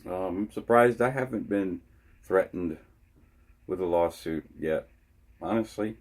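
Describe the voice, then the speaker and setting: A man vlogging his opinions in a casual monologue, halting and often restarting his sentences. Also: deep voice.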